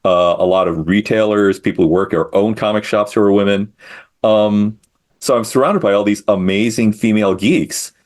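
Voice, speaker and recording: Low-voiced man, relaxed explaining. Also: moderate pace. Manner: self-deprecating, thoughtful, explains at length. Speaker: comic creator, guest. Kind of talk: casual interview chat.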